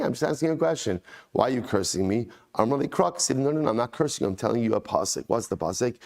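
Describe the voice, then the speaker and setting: A man's voice: medium pitch, darkish tone. Enthusiastic male rabbi teaching Talmud. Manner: enthusiastic, repeats phrases for emphasis; chants text then translates conversationally. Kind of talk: daily Talmud class.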